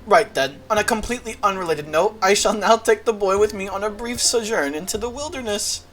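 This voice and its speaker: A woman voicing a pompous, flamboyant gentleman adventurer in a video game, with grand, theatrical diction. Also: medium pitch, brisk, a little hiss or hum, lightly acted. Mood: grandiose. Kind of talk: reading game dialogue aloud.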